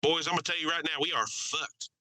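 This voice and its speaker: A man voicing a foul-mouthed, boastful contractor in his late twenties with a thick Mississippi accent, heckling loudly. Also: on the high side, steady tone, fast talker, voice pushed up. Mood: rowdy heckling. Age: late 20s or early 30s. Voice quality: crude, loud, boastful heckling.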